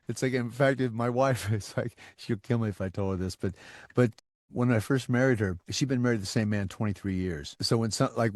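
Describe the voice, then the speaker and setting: A man in his sixties chatting casually as a podcast co-host, telling stories in a rambling, animated way. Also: medium pitch, dry recording, clean studio sound. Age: 60s. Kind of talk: casual chat.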